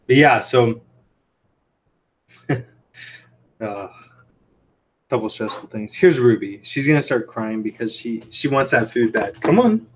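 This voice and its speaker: A man hosting a casual livestream from a home room lined with fish tanks, telling stories in a rambling way full of "like" and "um". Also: mid-range voice. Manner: chatty, tells anecdotes. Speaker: livestream host and aquarium shrimp seller.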